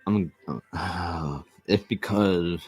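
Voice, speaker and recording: A man hosting his own video, telling a personal story in an earnest, halting way, often restarting and repeating himself. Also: low voice, a little mellow, slightly rough, faint music behind. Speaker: vlog host.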